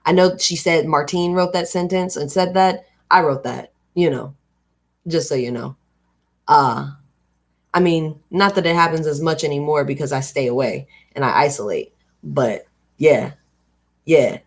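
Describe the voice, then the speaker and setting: A woman's voice: sits low, a little slow. A woman from North Carolina with a light Southern accent, reading a book aloud on her livestream and breaking off into blunt, swearing asides. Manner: chatty, blunt, swears freely in digressions.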